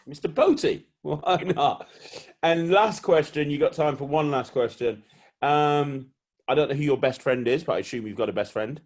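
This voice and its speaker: A man's voice: on the high side, normal speed. Enthusiastic man hosting an interview. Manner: effusive, enthusiastic praise. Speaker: podcast host. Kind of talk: casual interview.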